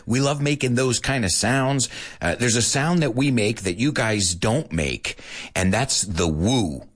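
A man's voice: medium pitch, normal speed. A middle-aged American man hosting a radio show in a playful, chatty way for Spanish-speaking listeners. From United States. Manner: animated, playful, mixes Spanish in. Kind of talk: casual chat to Spanish-speaking learners.

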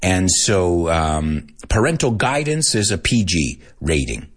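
A husky man in his thirties gives a relaxed English lesson, switching into Spanish now and then to explain words. His voice sits a little low but swings widely in pitch as he acts out the lines. The delivery is chatty and animated. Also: slow pace. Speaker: English teacher. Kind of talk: casual English lesson explaining a film scene.

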